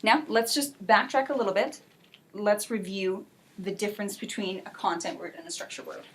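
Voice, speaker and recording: A woman teaching an English class for adult learners, speaking clearly and encouragingly, and modeling example sentences slowly. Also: medium pitch, fairly even intonation. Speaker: ESL teacher.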